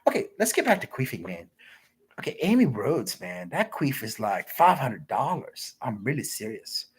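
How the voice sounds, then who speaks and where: A man's voice: mid-range voice, sing-song, moderate pace, husky. A man telling crude, rambling, repetitive stories on a livestream and reading viewer comments aloud.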